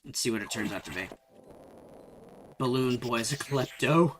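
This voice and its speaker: A man's voice: mid-range voice, moderate pace. A man giving casual, rambling commentary while playing a game on stream, swearing when surprised. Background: game music.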